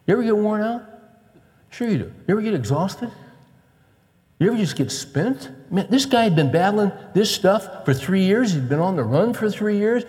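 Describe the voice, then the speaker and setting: A man's voice: animated, normal speed, a little mellow. Man preaching in a reverberant church. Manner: conversational, rising to emphatic urging, with quoted scripture read low. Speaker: pastor. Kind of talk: sermon.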